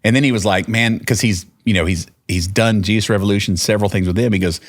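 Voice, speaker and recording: Deep-voiced Texan man telling a story. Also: fast talker. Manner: rambling, with many restarts and quoted dialogue. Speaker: podcast guest, singer-songwriter. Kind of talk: casual storytelling.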